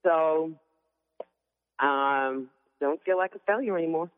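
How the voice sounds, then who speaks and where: A woman calling in to a casual interview, candid and lively, acting out what others said. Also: deep voice, slow. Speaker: guest caller. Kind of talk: casual interview over the phone. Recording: tinny phone line with long reverb.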